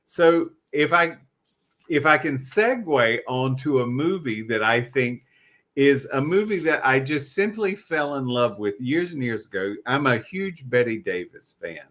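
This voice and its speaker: A man's voice: medium pitch, animated, measured pace, a bit bright. A man with a Southern US drawl chats on a podcast as a co-host. He spins long film anecdotes with campy asides, in a middling voice. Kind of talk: casual chat.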